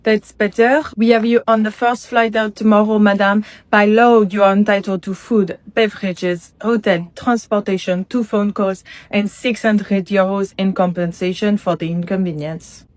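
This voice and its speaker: A woman's voice: mid-range voice, steady tone, moderate pace, hardly any pauses, no echo. A woman performing a one-woman comedy sketch, switching between an exasperated customer and a curt agent.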